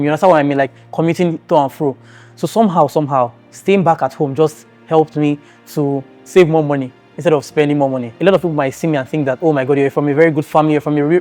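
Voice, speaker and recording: A man's voice: on the high side, a little mellow. A young man from Nigeria telling his life story in an earnest, emotional storytime vlog, talking straight to his viewers. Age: young adult. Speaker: vlogger.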